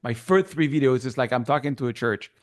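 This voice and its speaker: A man with a French accent sits as a guest in a relaxed interview. He tells his story with lively energy and acts out past conversations. His voice sits at an ordinary pitch for a man. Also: brisk. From France. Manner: animated storyteller who acts out remembered dialogue.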